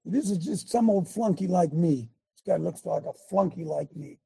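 A man's voice: high-pitched, moderate pace, creaky, dark tone, husky, no room sound. A man preaching casually on a live show, folksy and emphatic, calling out to his tech crew.

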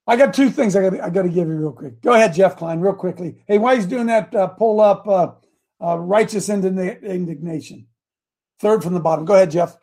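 A man hosting an online group talks through a long, rambling story, repeatedly restarting his sentences. His voice is high for a man, gravelly and husky yet a little mellow, and his pace is brisk.

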